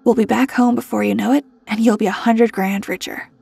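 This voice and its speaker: A blunt mercenary leader gives orders in an offhand, firm way, as a woman voices him. The voice is mellow and a little husky. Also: a little high, fairly even intonation, brisk, no echo, heavily acted. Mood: matter-of-fact. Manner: casual, then stern. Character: blunt seasoned male mercenary team leader.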